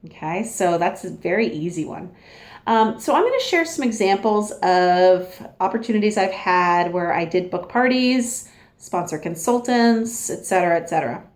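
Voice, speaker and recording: A woman giving a casual, upbeat training talk as a sales consultant, chatty and acting out little dialogues. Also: medium pitch. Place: home.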